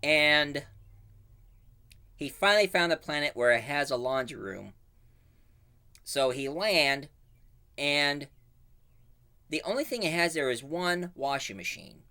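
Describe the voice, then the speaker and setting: A man casually retelling a cartoon plot as a reviewer, with animated storytelling full of fillers. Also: on the high side, takes it slowly, long pauses.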